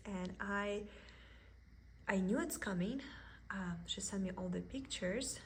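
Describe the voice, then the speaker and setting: A woman with a thick Russian accent, a vlogger chatting excitedly about her cross stitch haul at home. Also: medium pitch, a little slow, slight background noise. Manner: gushing, excited, with soft giggles. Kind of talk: casual haul video.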